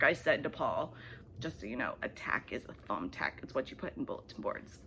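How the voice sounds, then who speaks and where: A woman reading a children's bedtime story aloud, animated and expressive, with soft hushed asides. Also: extremely low pitch, a little fast, a little hiss or hum.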